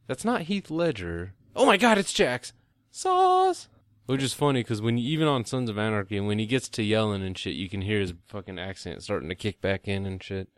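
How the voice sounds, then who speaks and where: A man's voice: on the low side, dry recording, clean studio sound. A man in casual, profane movie chat, rambling and acting out scenes.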